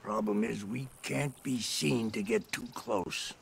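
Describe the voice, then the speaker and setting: An actor voicing a bitter, scheming Scottish landowner in a video game, speaking with contempt. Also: male voice, lowish voice, slow pace, slight background noise, heavily acted. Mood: scornful, scheming. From Scotland. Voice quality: gravelly, contemptuous.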